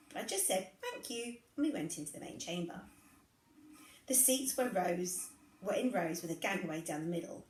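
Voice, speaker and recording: A woman reading a first-person story aloud in an expressive, conversational way. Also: on the low side, normal speed, echoey room, poor audio. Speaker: reader.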